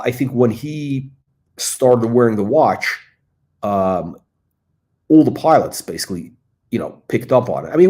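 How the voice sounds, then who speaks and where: A man's voice: medium pitch, warm tone. A middle-aged man hosting a casual livestream, talking in a rambling way with lots of fillers and restarts. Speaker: host.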